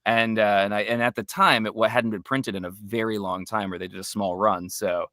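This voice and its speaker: Bright-voiced man telling rambling stories. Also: on the low side, steady tone, brisk, no room sound, studio quality. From New Jersey. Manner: rambling anecdotal storyteller. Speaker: co-host. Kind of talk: casual chat.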